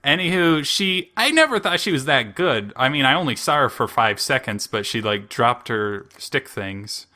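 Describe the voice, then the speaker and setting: A young man talks on a casual podcast with a bright, forceful voice. He retells a story in a wry, sarcastic way and chuckles often. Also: medium pitch, very animated, moderate pace, few pauses. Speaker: podcast co-host recapping an anime.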